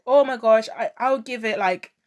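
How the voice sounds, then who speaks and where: A woman's voice: fairly high pitch, normal speed. A woman talking casually to camera as a pop culture vlogger, chatty and opinionated, full of fillers and gushing exclamations. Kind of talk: casual fashion commentary.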